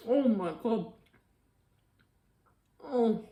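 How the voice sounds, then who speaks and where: A woman hosting her own cooking vlog, chatting to viewers in a bright, high voice. She is bubbly and quick to giggle as she bakes and tastes. The sound has a noticeable echo from a home kitchen. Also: animated. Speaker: cooking channel host.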